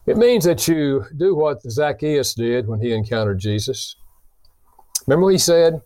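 A man's voice: mid-range voice, moderate pace, no echo. A man, a guest author, explaining his ideas on marriage and acting out the lines of people in his stories. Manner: animated storyteller who acts out quoted dialogue; explains with illustrations, earnest. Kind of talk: conversational teaching.

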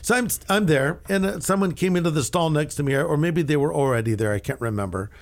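Higher-voiced man telling lively stories. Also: quick pace. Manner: lively anecdotal storyteller, acts out quoted dialogue. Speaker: pastor and author. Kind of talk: storytelling in a radio interview.

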